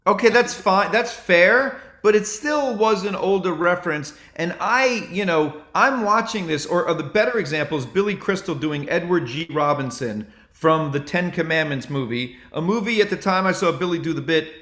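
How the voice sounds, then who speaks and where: A male comedian chatting casually and telling animated stories. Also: high-pitched, normal speed, hardly any pauses. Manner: animated storytelling. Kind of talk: casual chat. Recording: roomy echo.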